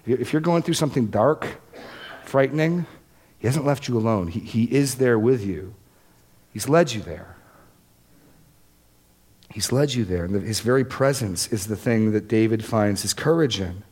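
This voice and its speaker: A man's voice: medium pitch, normal speed, a little mellow. A man preaching a sermon as pastor, earnest, repeating phrases for emphasis and lifting his voice on key lines.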